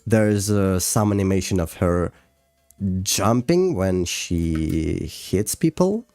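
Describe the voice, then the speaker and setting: Deep, slow Russian-accented man. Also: expressive, mellow, no echo, faint music behind. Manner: halting and hesitant, with frequent fillers and restarts. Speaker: streamer and animator. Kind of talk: casual livestream chat, reading chat and explaining.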